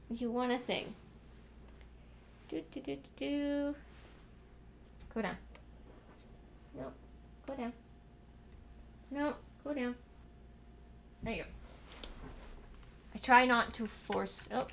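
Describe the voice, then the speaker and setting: Slow, gravelly young woman streamer. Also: on the high side, slight background noise. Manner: muttering to herself, exasperated asides to her cat. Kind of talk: casual livestream chat while building in a game. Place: home room at a computer.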